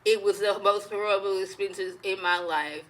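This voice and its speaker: A woman's voice: mid-range voice, fairly even intonation, moderate pace, close to an everyday voice, poor audio. A woman voicing a worldly noblewoman who speaks frankly and confidingly. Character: worldly older noblewoman, candid and protective.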